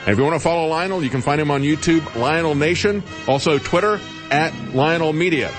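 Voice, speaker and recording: A man hosting a talk show, agreeable and quick to laugh along with his guest. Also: on the high side, over music. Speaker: show host.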